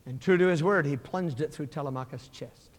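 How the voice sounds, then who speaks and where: A man preaching a sermon, telling a story dramatically and swinging from loud outbursts to hushed prayer. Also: fairly high pitch, a little fast. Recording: hall with long reverb.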